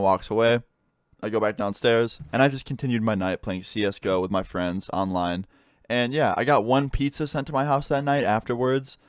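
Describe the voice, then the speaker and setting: Fast-talking young man telling gaming stories. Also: on the low side, no echo, clean studio sound. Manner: fast, swearing, animated retelling. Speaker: gaming YouTuber telling story time. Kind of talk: casual story time vlog.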